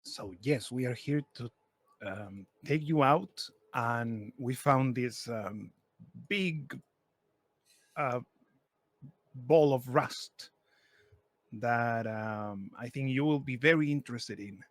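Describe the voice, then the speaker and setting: A man's voice: mid-range voice, slow, pauses often, no room sound. A man playing in a tabletop game, speaking hesitantly with many fillers. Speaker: player. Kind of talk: casual tabletop play.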